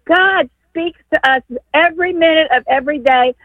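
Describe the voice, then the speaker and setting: A woman calling in to a radio show from Texas, telling a long story in an excited, emotional, rambling way. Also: sits high, normal speed, no room sound. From San Antonio, Texas. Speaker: caller. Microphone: telephone. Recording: tinny phone line, dry.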